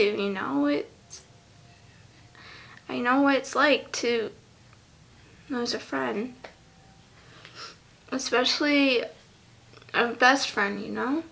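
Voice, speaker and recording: A teenage girl vlogging a tribute to a lost friend, halting and close to tears, with many fillers. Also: fairly high pitch, creaky. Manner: halting, soft, full of fillers. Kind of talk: tearful memorial vlog.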